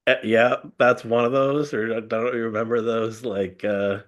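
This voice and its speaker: A man's voice: medium pitch, level tone, measured pace, dull audio. A middle-aged man, a guest in casual chat, rambling fondly through memories and chuckling often.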